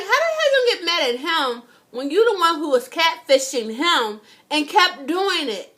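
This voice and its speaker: A woman's voice: sits high, pushed and bright. A young woman, giving a casual, indignant TV review and swearing freely. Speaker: vlogger.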